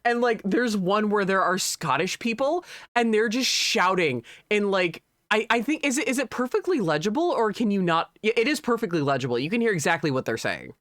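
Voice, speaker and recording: A man chatting casually on a game stream, rambling and excitable, often laughing. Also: sits high, a little fast, few pauses, no echo, studio quality.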